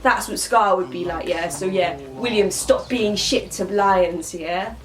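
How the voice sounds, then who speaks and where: A woman's voice: mid-range voice, a little slow, voice pushed down, close to an everyday voice. A woman playing a cocky, rambling young woman who says "mate" constantly in a comedy monologue. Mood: brash. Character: cocky young woman, slangy, chatty, full of herself.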